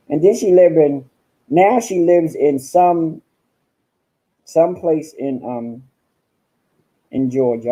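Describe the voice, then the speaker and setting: Male livestream host, sassy profane chatter, very mellow dark tone, home webcam sound. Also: mid-range voice, poor audio. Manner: sassy and profane, calls listeners honey and girl. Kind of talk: casual livestream rant.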